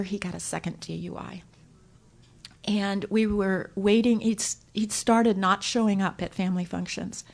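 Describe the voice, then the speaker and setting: A woman giving a personal story share at a recovery meeting, animated and acting out her own thoughts as she tells it. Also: medium pitch. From Southern California. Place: hotel conference room.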